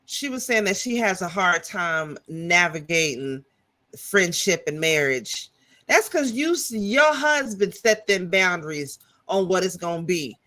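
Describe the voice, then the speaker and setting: A woman's voice: lowish voice, lively intonation, unhurried, bright, forceful tone. A woman co-hosting a live TV review, talking in a sassy, blunt, slangy way. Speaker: co-host, TV reviewer. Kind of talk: casual live TV review chat.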